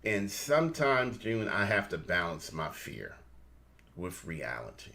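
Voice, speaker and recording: A man's voice: low-pitched, huge pitch swings, measured pace, creaky, bright, forceful tone. A man co-hosting a casual morning show, upbeat, laughing often and calling his listeners family. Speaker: co-host.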